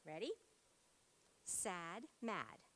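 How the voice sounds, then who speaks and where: A woman's voice: fairly low pitch, animated, extremely slow, fairly bright tone. A woman teacher leading a phonics lesson, upbeat and encouraging, prompting in short words. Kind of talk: classroom phonics demonstration. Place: school meeting room.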